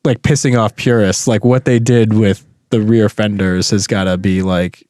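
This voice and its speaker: A man's voice: on the low side, steady tone, moderate pace, a little mellow, dry recording, clean studio sound. A man co-hosting a car podcast, chatting in a wry, joking manner. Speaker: podcast co-host. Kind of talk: casual chat.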